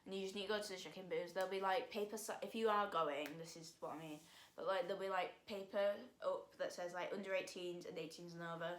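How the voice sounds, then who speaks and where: Teen girl vlogger, rambling chatty delivery, slightly low voice, echoey room. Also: fairly even intonation, fast, a little hiss or hum. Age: teens. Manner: rambling, chatty, full of fillers and sighs. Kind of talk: casual storytelling vlog. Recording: roomy echo.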